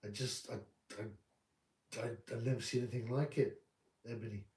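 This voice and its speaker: Halting, stammering male doctor done by a man, low and quiet, roomy far-off sound. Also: fairly even intonation, lightly acted. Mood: hesitant. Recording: roomy room, distant mic.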